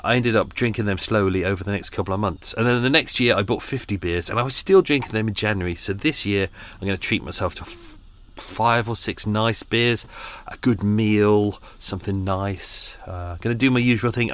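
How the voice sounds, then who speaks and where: A man hosts a podcast from a London narrowboat, chatting off the cuff in a rambling, sweary, self-mocking monologue. He speaks on the low side, with a slightly bright tone.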